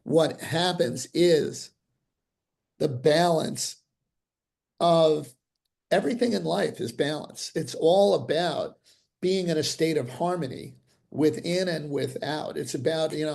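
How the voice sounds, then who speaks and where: An older dentist with a gravelly, slightly high-set voice talks through a video call. He tells his stories animatedly and restarts sentences often. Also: unhurried. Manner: animated, acts out quoted voices, frequent restarts. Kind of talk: interview storytelling.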